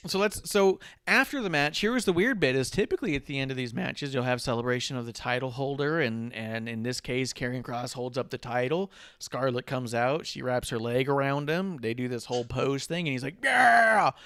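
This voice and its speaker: A man's voice: mid-range voice, brisk, hardly any pauses, clear, resonant tone, no echo. Dry-voiced man recapping wrestling. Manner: animated storyteller, mimics people mid-story. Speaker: podcast co-host. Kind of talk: casual wrestling chat.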